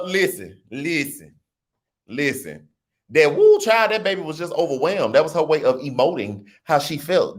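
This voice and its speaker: A man hosting a casual livestream, reading viewer comments and joking with loud laughter. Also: medium pitch. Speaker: host of a political livestream.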